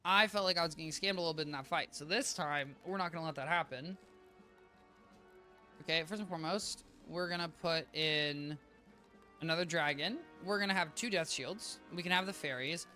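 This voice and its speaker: Bright-voiced tired streamer man, chatty. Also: a little high, fairly quick. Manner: rambling, self-interrupting, chatty with viewers. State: a little tired, low energy. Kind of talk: casual live-stream gameplay chat. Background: game music.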